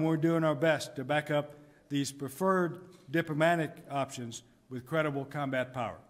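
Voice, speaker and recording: A middle-aged military commander gives a formal address, his delivery measured and deliberate, each point stressed with emphasis. His voice sits a little higher than most men's. The sound carries the long reverb of a large conference hall. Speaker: military commander giving a speech. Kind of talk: formal prepared speech.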